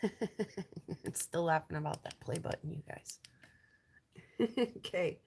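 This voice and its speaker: Stuffy-nosed raspy woman, low-pitched. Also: takes it slowly, a little mellow, slight background noise. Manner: chatty, rambling, trails off with ums. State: stuffy nose, raspy from allergies. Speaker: lapidary showing rocks to viewers. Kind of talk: casual live-stream chat.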